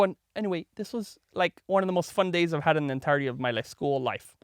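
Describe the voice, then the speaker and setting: Animated storytelling man, dry close sound. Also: fairly high pitch, fast, smooth, no room sound. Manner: animated, acts out voices in his stories; chatty, frequent "like" and "right?". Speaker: podcast host. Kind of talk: casual storytelling to his daughter.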